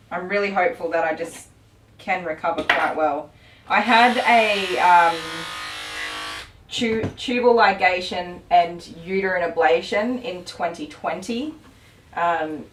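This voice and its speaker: A rambling, chatty middle-aged woman with a fairly low voice talks on a casual live stream, full of ums and easy laughs. She sits back from the mic in a roomy space, with electric clippers buzzing behind her. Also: distant mic, a little hiss or hum. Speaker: dog groomer and live stream host. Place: grooming salon.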